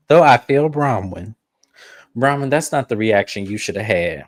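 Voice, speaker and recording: A man co-hosting a casual reality TV recap, chatty and emphatic, with quick asides to viewers. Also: lowish voice, expressive, no room sound, clean studio sound. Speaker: show co-host.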